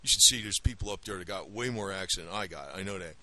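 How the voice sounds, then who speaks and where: A man's voice: deep voice, fast, sharp tone, dry recording. A man from the Northeast with a New Jersey accent, rambling to camera in a blunt, profane rant. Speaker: video blogger.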